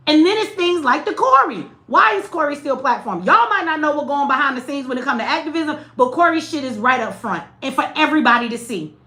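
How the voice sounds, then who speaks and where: A woman's voice: sits high, animated, quick pace, hardly any pauses, pushed and bright, roomy sound. Blunt, profane woman livestreamer. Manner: blunt, profane, talks straight to chat. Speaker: livestream host. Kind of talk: livestream commentary.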